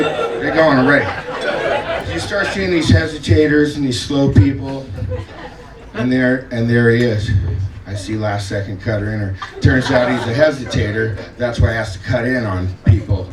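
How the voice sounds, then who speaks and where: A man doing a stand-up comedy set, telling a story and acting out the scenes. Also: medium pitch. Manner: animated storytelling, acts out scenes. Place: comedy club stage. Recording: echoey club from far off, loud audience laughter.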